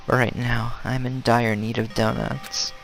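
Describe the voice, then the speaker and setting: A man voicing an anxious teenage girl who craves donuts, speaking in a soft, halting voice. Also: mid-range voice, level tone, vocal fry, over music, rough recording. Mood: nervous.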